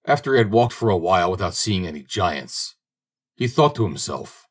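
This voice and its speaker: A man narrating a fairy-tale audiobook in a husky voice that sits on the low side. His delivery is steady and measured, telling the story plainly.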